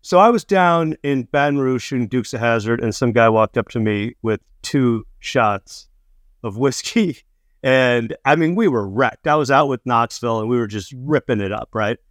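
A man in casual conversation, spinning loose stories full of swearing and false starts. He sounds like a working comedian talking off the cuff. His voice sits at an ordinary pitch and is recorded dry and close. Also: lively intonation, moderate pace, dry recording. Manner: rambling, profane, many restarts and stammers. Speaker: comedian and film director, podcast guest. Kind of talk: casual storytelling chat.

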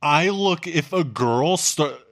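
A man's voice: a little high, lively intonation, slow, fairly bright tone. A young man co-hosting a casual comedy podcast, rambling through stories with frequent laughs. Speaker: podcast co-host.

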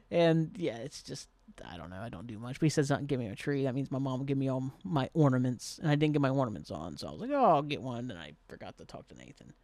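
A man's voice: mid-range voice, sing-song, racing, few pauses, mellow, no room sound. Guy rambling on his podcast, says like a lot, cusses casually, dry sound, medium voice. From Southern Ohio. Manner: rambling, heavy with "like", swears casually. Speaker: podcast host. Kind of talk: casual solo podcast chat. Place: at home, at his computer desk.

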